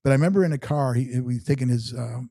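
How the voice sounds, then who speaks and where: Middle-aged male guest, warm dark voice, dry close sound, halting storyteller full of "you know". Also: mid-range voice, creaky, no echo. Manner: halting, repeats words, many "you know"s. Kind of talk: personal storytelling interview.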